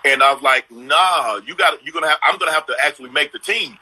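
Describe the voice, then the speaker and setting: A man's voice: on the high side, fast talker, bright, forceful tone, breathy edge, poor audio. A middle-aged man hosting a casual live video-call chat, telling stories in an emphatic, slangy way. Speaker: host.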